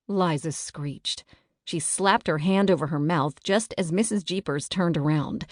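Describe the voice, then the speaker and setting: A woman narrating a children's audiobook in a clear, expressive storytelling manner, on a close studio mic. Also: low-pitched, measured pace, dry recording.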